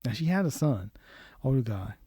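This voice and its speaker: Man telling a painful story, halting. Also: big pitch swings, breathy edge, dry recording, clean studio sound. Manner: halting, repeats words, voice drops low and soft. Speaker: podcast guest. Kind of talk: emotional personal storytelling.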